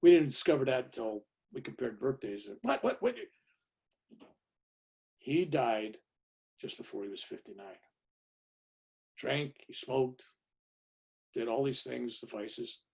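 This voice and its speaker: With a medium-pitched, mellow and husky voice marked by vocal fry, a Californian man in his 70s talks at a measured pace, pausing often. He's a guest speaker chatting through a personal story for an audience, punctuating it with "right?" and "you know".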